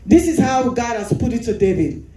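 A woman's voice: on the high side, big pitch swings, normal speed, warm tone, echoey room, rough recording. A woman leading a Sunday school class, explaining a Bible passage, repeating phrases and asking the class questions. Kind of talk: Bible teaching.

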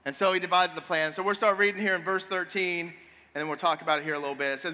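A male pastor preaching a sermon, retelling a scripture story in a lively, casual way with relaxed asides. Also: sits high, quick pace. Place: church sanctuary. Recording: long hall reverb.

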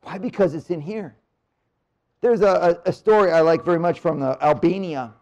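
A man with a high voice preaches at a marriage retreat in a church room. He speaks casually and with energy, then drops into slow, quiet stretches to stress a point. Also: lo-fi sound. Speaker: priest giving a marriage retreat talk. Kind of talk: live retreat talk. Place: church room near the Blessed Sacrament.

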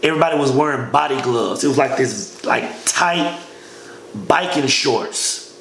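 Laid-back man telling a story, gravelly. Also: medium pitch, unhurried. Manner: relaxed, says "man" constantly, slangy. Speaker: storyteller recounting army training. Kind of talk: casual storytelling. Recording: echoey room with faint noise.

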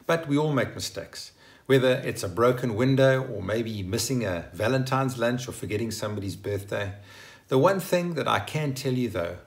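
A man's voice: mid-range voice, vocal fry. A man hosting his own channel and teaching English vocabulary in an upbeat, emphatic way, acting out example phrases. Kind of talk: scripted vocabulary lesson.

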